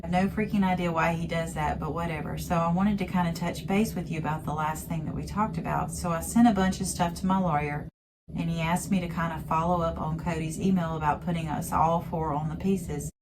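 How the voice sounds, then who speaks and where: Woman, podcast host, low voice, casual recap, exasperated storytelling, faint background noise. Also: fairly even intonation, a little fast.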